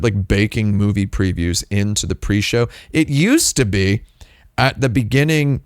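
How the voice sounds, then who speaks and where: A man's voice: mid-range voice, no echo, clean studio sound. A man hosting a casual livestream, rambling and wry, often breaking off and restarting his sentences. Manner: rambling, self-interrupting, wry asides. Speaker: streamer host.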